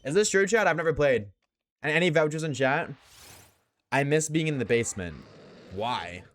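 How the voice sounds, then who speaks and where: A young man streaming a game and chatting casually with his audience, slangy and joking, talking in quick bursts. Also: fairly high pitch, lively intonation, fairly bright tone, no echo.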